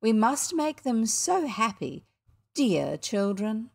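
A woman's voice: on the high side, very animated, slow pace, gravelly, a little mellow, heavily acted. Woman doing a gushing, sugary society lady. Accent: New Zealand.

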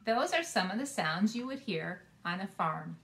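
Preschool teacher lady talking to little kids, slow and clear, upbeat. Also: medium pitch, animated. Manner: talks slowly and clearly to small children, sings along. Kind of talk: preschool video lesson.

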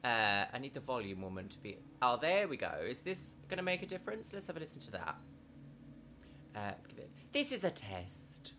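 A woman's voice: rumbling low, sing-song, brisk, fairly bright tone, faint music behind. A woman in her thirties streaming a horror game from home at a desk microphone, chatting casually and giggling, with big swoops in her voice. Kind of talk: casual live-stream commentary.

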